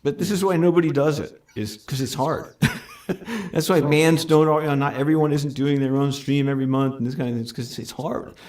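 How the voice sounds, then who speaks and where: A man's voice: on the high side, steady tone, moderate pace, a little mellow. A man, a musician guest, chatting casually, laughing often and stalling with fillers. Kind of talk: casual chat.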